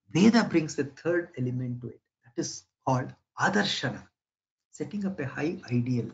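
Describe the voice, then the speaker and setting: A man's voice: a little high, lo-fi sound. A man giving a lecture in a conversational way, often checking in with his listeners. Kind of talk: spoken lecture.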